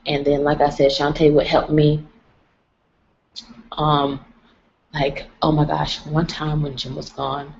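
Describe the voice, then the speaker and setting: A woman's voice: sits low, vocal fry. A young woman chatting on a livestream, rambling and folksy. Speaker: vlogger. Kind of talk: casual livestream chat. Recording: lo-fi livestream audio.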